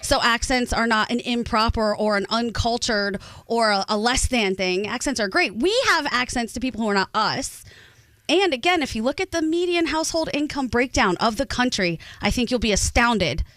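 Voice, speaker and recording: A woman's voice: on the high side, lively intonation, normal speed, fairly bright tone, dry recording. A woman co-host on a radio morning show who argues her point emphatically in the studio.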